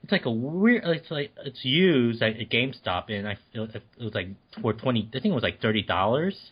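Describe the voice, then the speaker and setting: A man co-hosting a podcast in casual chat, speaking in halting, easygoing bits with restarts and fillers. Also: medium pitch, expressive, husky. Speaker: podcast co-host. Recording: dull lo-fi recording.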